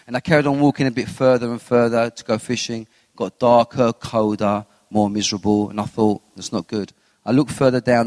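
A man giving a personal faith testimony as an interview guest, telling his story with animated retellings of what he said and thought. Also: mid-range voice, dry recording, in a large hall. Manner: animated storyteller who acts out his own quotes.

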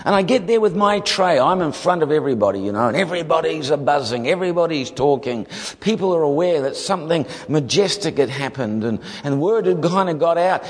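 A man from New Zealand with a New Zealand accent, telling a humorous testimony as a guest preacher, animated and full of comic asides. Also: on the high side, a little fast. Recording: long hall reverb.

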